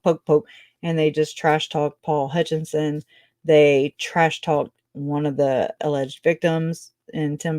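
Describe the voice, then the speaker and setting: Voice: medium pitch, darkish tone, no room sound, studio quality. A true crime channel host giving casual livestream commentary, rambling through tangents and laughing often.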